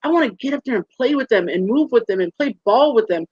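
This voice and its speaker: A woman in her forties, a guest in a casual interview, telling stories with lively acted-out quotes over a video call. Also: fairly high pitch, quick pace, slightly rough, no echo. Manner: animated storyteller, acts out quoted voices. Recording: muffled dry call audio.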